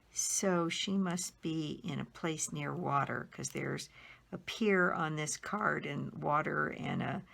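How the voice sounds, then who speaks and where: A woman's voice: low-pitched, creaky, a bit bright. A middle-aged woman casually showing handmade greeting cards, admiring each one and spelling out the makers' names letter by letter. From Colorado. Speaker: card-making demonstrator.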